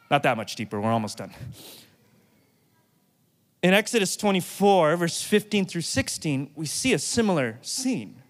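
Male pastor, high voice, lively and jokey sermon delivery. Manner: playful, animated, acts out quotes.

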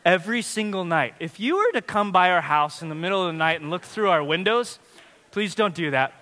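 A man in his thirties preaching a sermon as a dad telling family stories, animated and swinging from loud to hushed. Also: sits high, a little fast. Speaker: pastor. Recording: long hall reverb.

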